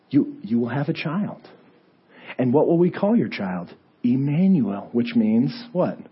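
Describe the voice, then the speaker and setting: A male pastor who has lost his voice, preaching a conversational sermon with a hoarse, raspy sound and lively storytelling that moves between hushed and raised moments. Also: fairly high pitch, highs cut off. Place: church sanctuary.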